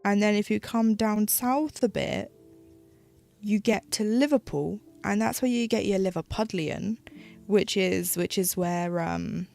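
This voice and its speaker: A woman with a British English accent chatting casually on a live stream as she stitches, rambling along with lots of "like" and quick restarts. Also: mid-range voice, steady tone, creaky, a little mellow, faint music behind. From United Kingdom.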